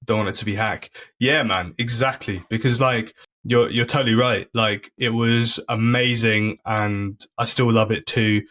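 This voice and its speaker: A man's voice: lowish voice, fairly even intonation, a little slow, fairly bright tone. A comedian, a man, chatting as a podcast guest and telling stories in an earnest way. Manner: earnest, storytelling, many fillers and restarts. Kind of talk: casual chat.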